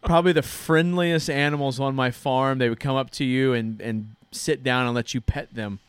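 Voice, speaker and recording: A man's voice: medium pitch, steady tone, normal speed, clear, resonant tone. A man in his thirties hosting a church podcast, telling a story in a casual, earnest way. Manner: earnest storytelling, frequent restarts. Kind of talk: casual chat.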